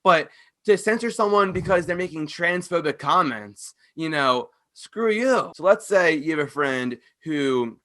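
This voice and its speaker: Blunt, fast-talking man on a podcast. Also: a little high, expressive, a bit bright. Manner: fast-talking, with clear pronunciation; blunt and profane. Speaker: podcast host. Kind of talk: casual podcast rant.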